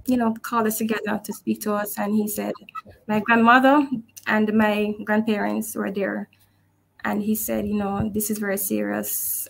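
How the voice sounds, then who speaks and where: A woman tells her own story in a conversational, reflective way. Her voice carries a noticeable gravelly rasp, and she stays earnest while laughing softly at moments. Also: fairly high pitch. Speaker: guest sharing her testimony. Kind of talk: personal testimony, conversational.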